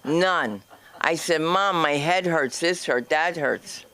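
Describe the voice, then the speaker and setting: A woman's voice: sits low, slow pace, a bit bright. A woman hosting an open mic comedy night, chatting and teasing before she hypes up the next act. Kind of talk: casual stage banter. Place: comedy club stage.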